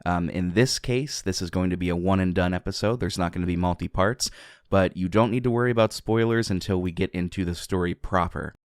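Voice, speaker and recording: A man's voice: sits low, brisk, clear, resonant tone, dry recording, clean studio sound. A man from southwestern Pennsylvania co-hosting a casual podcast, enthusiastic, laughing often and rambling into asides. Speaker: podcast co-host.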